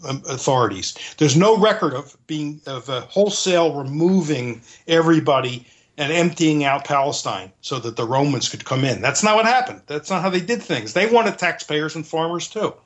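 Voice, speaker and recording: A man's voice: fairly high pitch, animated, moderate pace. A man as an interview guest, explaining in a conversational way, earnest and restating his points as he searches for words.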